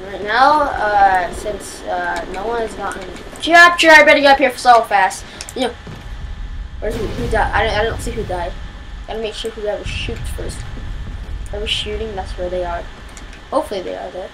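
A woman giving live commentary on a shooter game, excitable and quick to shriek and wail when scared. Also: mid-range voice, background noise. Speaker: gameplay commentator.

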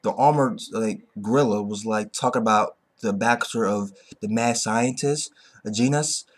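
A man giving a casual, excitable episode review, rambling and swearing, tagging sentences with "okay?". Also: fairly low pitch, normal speed. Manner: swears freely. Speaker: anime reviewer.

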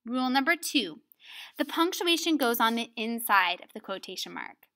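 A woman's voice: a little high, big pitch swings, normal speed, sharp tone. A woman teaching a writing lesson on dialogue, explaining step by step and often checking in with "right?". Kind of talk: recorded lesson video.

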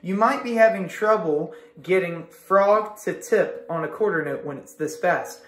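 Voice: medium pitch, a little slow. A string teacher leading an online music lesson, counting beats aloud with patient encouragement. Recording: echoey room with violin playing.

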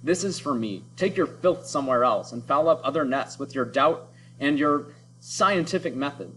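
An earnest, defiant young crewman, read by a man. He speaks with heartfelt conviction and pushes back hard against authority. The voice is mid-pitched, with a little hiss behind it. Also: animated, moderate pace, fairly bright tone, close to an everyday voice, poor audio. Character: rebellious young male crew member, earnest.

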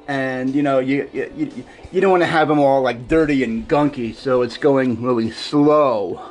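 A man vlogging casually, talking in a halting way, repeating words and filling gaps with "you know" and "like". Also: medium pitch, soft background music. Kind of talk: casual talk to camera.

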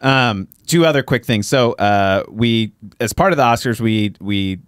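A man's voice: on the low side, unhurried, smooth, no echo, clean studio sound. A man hosting a podcast with friends, talking casually, rambling and laughing often as he explains things. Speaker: podcast host.

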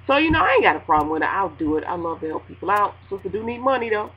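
A woman radio host ranting casually to her listeners, animated and laughing, acting out a phone call in a high voice. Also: very fast, few pauses, a little hiss or hum. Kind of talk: casual spoken rant.

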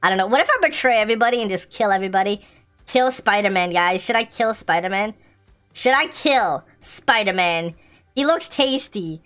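A woman's voice: medium pitch, animated, normal speed, a bit bright, soft background music. A young woman commentating a zombie video game, playful and giggly, often reading the game's lines aloud. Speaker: gaming YouTuber. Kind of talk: let's-play commentary.

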